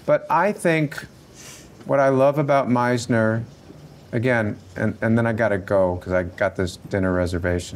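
A middle-aged man who teaches acting, talking through a workshop Q&A in an animated, conversational way and swearing casually. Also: on the low side. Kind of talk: workshop Q&A talk.

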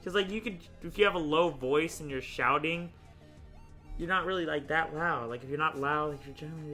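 A young man hosting a casual gaming video, chatting and thinking out loud, often laughing as he rambles through choices. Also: on the high side, fairly quick, soft background music. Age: young adult. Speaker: YouTube host playing a choice game.

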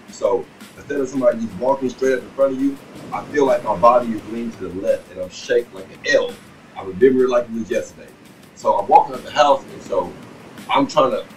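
A man telling a personal story in a casual, rambling monologue full of profanity and "you know what I'm saying." He swings between loud bursts and low muttering. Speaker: vlogger telling a life story. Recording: distant mic with faint background noise.

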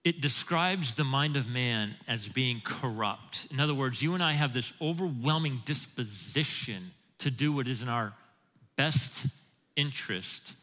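A man's voice: mid-range voice, measured pace, pushed and bright. A man preaching a sermon as pastor, emphatic, quoting scripture and putting questions to the congregation. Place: church sanctuary. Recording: church hall with long reverb.

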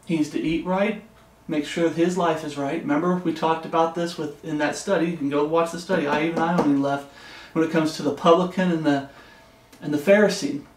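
A man's voice: fairly high pitch, steady tone, fairly quick, echoey room. A man teaching a Bible study in an earnest, repetitive way, reading scripture aloud between remarks. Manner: earnest, repeats and restarts phrases, reads scripture aloud. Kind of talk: sermon-style Bible study.

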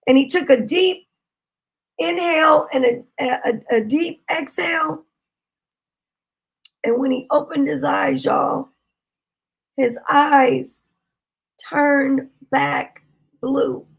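A woman preaching a sermon, telling a testimony with impassioned shouting bursts. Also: high-pitched, steady tone, takes it slowly, creaky, pauses often. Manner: impassioned, shouting bursts, Southern-style speech.

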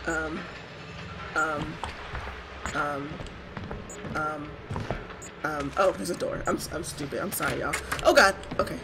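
A woman's voice: low voice, slow, long pauses, noisy background. A woman giving let's-play commentary, jumpy and swearing, who shrieks when she gets scared. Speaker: gamer.

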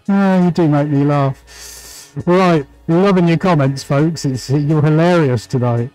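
A man's voice: a little high, takes it slowly, a little mellow, soft background music, rough recording. Chatty man hosting a painting stream. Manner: chatty, greets viewers, laughs often. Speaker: livestream painting host. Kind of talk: live-streamed painting chat.

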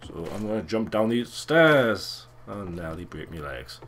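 A young man with a low voice chats over his gameplay. He swears freely and jokes around with easy excitement. A faint hiss of noise sits under the voice. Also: unhurried. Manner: crude, swearing, excitable and joking. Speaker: let's play gamer. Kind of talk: casual gameplay commentary.

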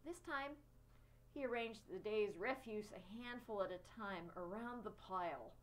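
A woman reading a children's chapter book aloud, expressive. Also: medium pitch, a little slow, low-quality recording. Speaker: storyteller.

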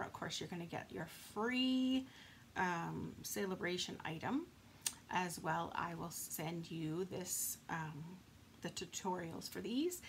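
A woman's voice: lowish voice, a little hiss or hum. A chatty woman from Canada hosting a live stamping and card-making demo, laughing often and thanking viewers by name. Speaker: craft demonstrator. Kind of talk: casual live craft demo chat.

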